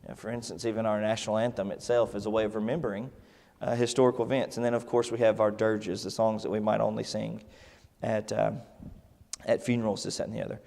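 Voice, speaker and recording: A man's voice: on the low side, little pitch movement, fast, gravelly, a little mellow, in a large hall. A man teaching a Sunday Bible class in a casual, conversational way, with many fillers and restarts. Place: church classroom.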